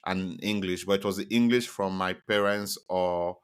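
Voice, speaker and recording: Young man, podcast co-host, fairly low voice, relaxed, stammers and restarts. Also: moderate pace, smooth. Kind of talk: casual chat.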